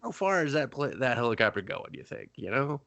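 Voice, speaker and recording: A man's voice: medium pitch, sing-song, fairly quick, gravelly, fairly bright tone, no room sound, highs cut off. A man co-hosting a casual movie review podcast, joking and swearing as he acts out silly character lines. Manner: profane, jokey, does silly character voices. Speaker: podcast co-host.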